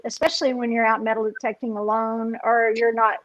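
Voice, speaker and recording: A woman's voice: fairly high pitch, flat delivery, fairly quick, highs cut off. A woman, chatting casually as a guest on a livestream, with frequent fillers and laughter. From Texas. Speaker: guest metal detectorist.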